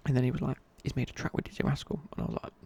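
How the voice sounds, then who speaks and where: Young guy, whispered ASMR chat, raspy breathy whisper, loose and chatty. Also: mid-range voice, huge pitch swings, very fast, dark tone. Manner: rambling, casual, many fillers and restarts. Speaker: ASMR creator.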